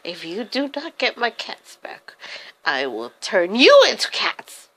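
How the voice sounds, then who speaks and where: A woman's voice: medium pitch, big pitch swings, unhurried, bright, forceful tone, full character voice. A woman voicing a shrieking, cat-obsessed old woman with a crooked leg, screeching and menacing.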